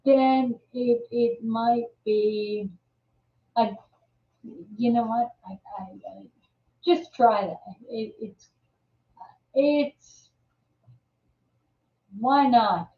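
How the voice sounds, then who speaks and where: Woman host, slow and meandering, a bit high, on dull lo-fi audio. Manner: rambling, many restarts and fillers. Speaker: live show host. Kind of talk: casual live-stream chat. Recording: roomy, distant, dull audio.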